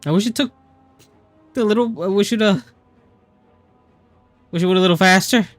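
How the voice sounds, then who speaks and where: A man's voice: high voice, moderate pace, dry recording, soft background music. A male streamer giving casual gameplay commentary, sarcastic and muttering, with some swearing.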